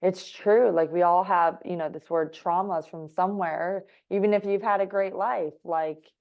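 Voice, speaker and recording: A woman hosting a podcast in casual chat, reacting with quick interjections and follow-up questions. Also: on the low side, fairly even intonation, darkish tone, lo-fi sound. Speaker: podcast host.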